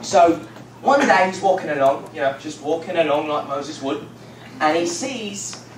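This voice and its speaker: A young man speaks in a fairly high voice with lively intonation at a moderate pace, retelling a Bible story to a youth group in a loose, joking, filler-laden way. He's in a church youth room, recorded from afar in an echoey, noisy space.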